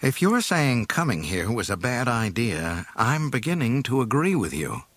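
A man's voice: mid-range voice, big pitch swings, normal speed, a bit bright, no echo, pitched above the performer's own voice. A man voicing a weary, uneasy young male pilot stranded in a swamp, sounding glum.

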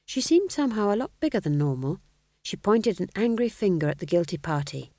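A woman's voice: mid-range voice, very animated, brisk, mellow, no echo. A woman narrating an audiobook in a dry, wry storytelling manner.

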